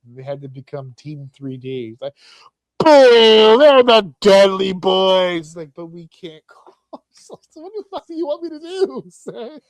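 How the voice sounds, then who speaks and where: Profane, animated man hosting a podcast. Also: high-pitched, dry recording, studio quality. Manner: profane, animated storytelling with mocking fan voices. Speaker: podcast host. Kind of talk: casual chat.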